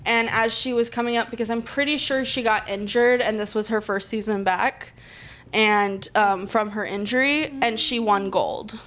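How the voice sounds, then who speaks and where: A young woman with a fairly high voice hosts a podcast in loose, casual chat. She swears freely and keeps losing track of names as she talks. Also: normal speed, fairly bright tone. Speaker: podcast host.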